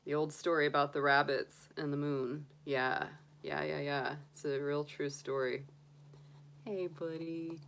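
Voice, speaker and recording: Middle-aged woman, lowish voice, slow unhurried chat, soft pet-talk coos. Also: fairly even intonation, gravelly, a little hiss or hum. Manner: cooing baby talk to a pet rabbit. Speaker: tarot reader and astrologer. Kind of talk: casual livestream chat.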